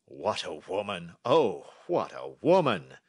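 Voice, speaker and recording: A man's voice: deep voice, big pitch swings, measured pace, fairly bright tone, dry recording, clean studio sound, exaggerated voice. A man reading as a proud, exclaiming king. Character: proud, emotional male king. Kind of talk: storybook reading for learners.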